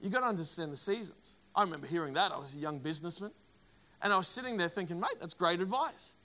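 A middle-aged man preaching a sermon, energetic and emphatic, often repeating words. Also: a little high, rapid-fire. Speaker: pastor.

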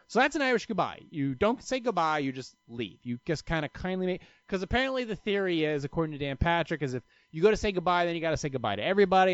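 A man talks on his own podcast in a loose, rambling way, swearing freely and cutting himself off mid-thought. His voice sits a little high for a man and swings widely up and down. The sound is dry and a bit dull, like a home lo-fi setup. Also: fairly bright tone, no echo. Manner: rambling, profane, self-interrupting storyteller. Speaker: podcast host. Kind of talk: casual solo podcast chat.

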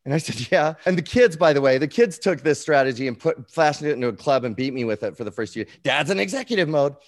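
A man who works as an executive coach, telling animated, self-mocking stories while chatting on a group video call. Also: medium pitch, fast talker. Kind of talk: casual chat on a group call.

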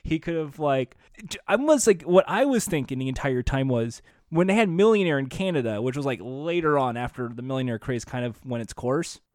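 A man co-hosting a casual podcast chat, animated and laughing often, sometimes slipping into a mock game-show announcer voice. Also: medium pitch, fairly quick, no echo, studio quality. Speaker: podcast co-host.

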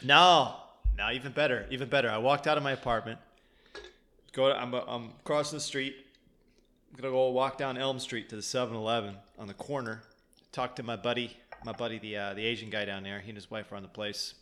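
A man's voice: medium pitch, fairly even intonation, fairly quick, pushed and bright, a little hiss or hum. A man in casual chat telling a rambling story with many restarts and swearing.

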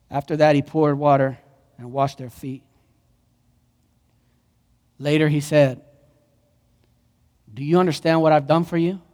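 A man with a high voice preaching with passion, his words ringing through a large reverberant church hall. He drops to a hush, then surges loud again. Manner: impassioned preaching, swings from hushed to loud. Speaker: pastor. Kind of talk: sermon.

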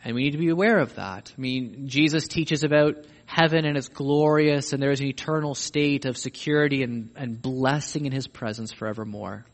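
A man's voice: mid-range voice, moderate pace, hardly any pauses. A man preaching a sermon, emphatic and pressing questions on his listeners. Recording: echoey hall with long reverb.

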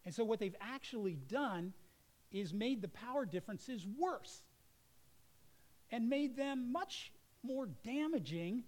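A man's voice: very high voice, animated, slow, darkish tone, low-quality recording. A middle-aged male pastor preaching a sermon in an earnest, conversational way.

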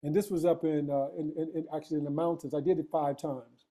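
A man's voice: on the high side, fairly even intonation, quick pace, mellow. A man telling a personal story in casual conversation, emphatic and street-casual, full of rhetorical questions to his listener. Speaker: guest.

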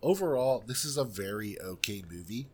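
A man with a husky, slightly rough voice talks through a film in a relaxed podcast chat. He is blunt and opinionated. His lines land with plain frankness. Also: lowish voice, moderate pace. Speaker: podcast co-host reviewing films. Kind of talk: casual chat.

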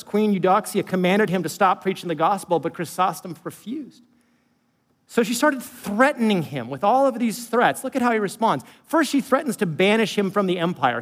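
Man, pastor, high pitch, emphatic, loud to hushed, long hall reverb. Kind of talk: sermon.

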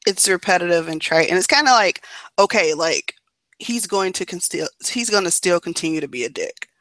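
A woman's voice: on the low side, animated, moderate pace, a bit bright, dry recording. A woman co-hosting a casual podcast chat, blunt and sarcastically dismissive. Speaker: podcast co-host.

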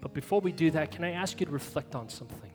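A man's voice: fairly high pitch, animated, fast. A man preaching a sermon as pastor, earnest and pleading, leading the church in prayer. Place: church hall. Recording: long reverb with soft guitar music behind.

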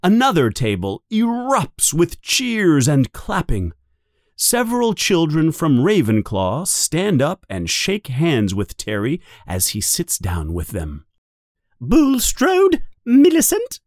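A man narrating a storybook in an expressive reading manner, jumping high for characters' calls. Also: slow pace, no room sound, clean studio sound.

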